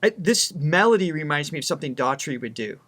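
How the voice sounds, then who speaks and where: A man's voice: fairly high pitch, lively intonation, fast talker. A man co-hosting a music reaction, talking casually and enthusiastically, often restarting his sentences. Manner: enthusiastic, chatty, many restarts. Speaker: vocal coach co-host.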